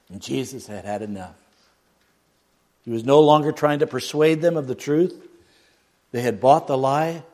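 A man preaching a sermon, dropping to near a hush and then rising loud. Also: medium pitch. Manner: dramatic swings from hushed to loud, mocks a pompous prayer voice.

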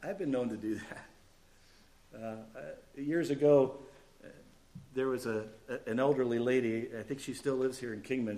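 A male pastor preaching a sermon, animated and conversational, dropping to quiet asides and rising to loud emphatic bursts. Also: mid-range voice.

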